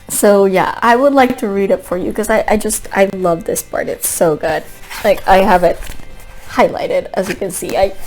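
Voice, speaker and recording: A woman book vlogger chatting casually in a review, gushing and rambling, with many restarts and frequent laughter. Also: medium pitch.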